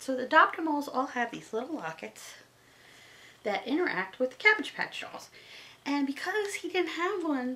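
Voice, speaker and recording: A woman reviewing toys at home, gushing and excitable in a casual chat. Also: high voice, poor audio. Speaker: toy reviewer.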